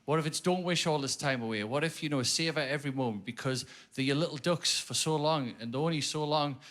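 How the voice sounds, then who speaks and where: A man with a Geordie accent performs stand-up comedy on a big theatre stage, speaking into a stage mic. His voice sits a little high for a man. He tells stories full of swearing and sings nursery rhyme lines in a sing-song way. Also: fast talker. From North East England. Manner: swearing, storytelling, sing-song nursery rhyme bits, rising to shouted punchlines. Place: large theatre stage before a live audience. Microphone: stage microphone.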